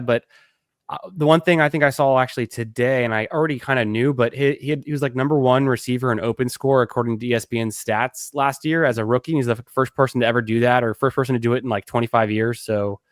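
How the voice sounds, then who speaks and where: Measured, analytical Texas guy talking fantasy football, medium pitch, dry sound. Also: fairly even intonation, no echo. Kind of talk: casual chat on a live stream.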